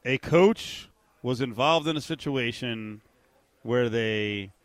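A man co-hosting a sports talk show, heard close on a dry studio mic. He keeps his remarks short and wry, jumping in with quick comments while the other host talks. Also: mid-range voice, dry recording. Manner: brief, wry interjections.

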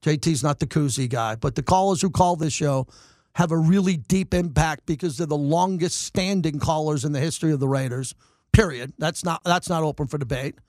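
A middle-aged man hosting sports talk radio, ranting in animated bursts and mocking his critics. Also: fairly high pitch, dry recording, studio quality. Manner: animated, rants and mocks in quick bursts. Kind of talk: fired-up sports talk monologue.

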